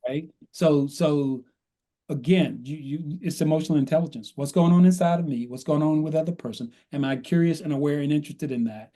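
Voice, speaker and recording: Male guest coach, methodical and conversational, slightly high voice with a mellow tone. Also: a little fast. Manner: explains in numbered steps, often ends with "right?". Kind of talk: conversational podcast advice.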